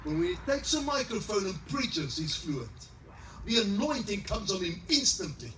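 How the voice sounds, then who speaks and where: A middle-aged pastor preaching a sermon in a high, bright, ringing voice, often climbing into shouted, sing-song exclamations. He sounds some distance from the mic in an echoey hall, with a faint hum of room noise behind him. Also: big pitch swings, moderate pace. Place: church service in a large greenhouse hall.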